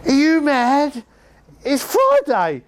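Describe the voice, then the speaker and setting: A man voicing a gruff older male ex-boxer band manager with a strained, rasping throat voice and a blunt, demanding way of talking. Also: very high voice, expressive, measured pace, voice pushed up, exaggerated voice.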